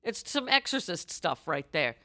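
Lively woman podcast co-host, bright tense voice, pitch jumps all over, loud silly shouts, dry close mic. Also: normal speed, no echo. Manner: animated, bursts into loud shouted voices and laughs. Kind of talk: casual chat.

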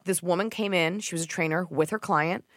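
A woman hosting a podcast, telling stories in a casual comedic chat, swearing and mimicking people in a shrill voice. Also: fairly quick, no room sound, clean studio sound. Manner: animated storytelling, swears freely, mimics others in a shrill voice. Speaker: podcast host.

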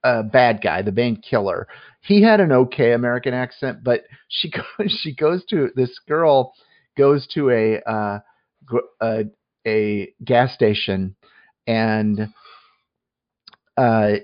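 A man's voice: medium pitch, lively intonation, takes it slowly, no echo, dull audio. A man casually reviewing a movie on a podcast, talking in a rambling way with many restarts and fillers.

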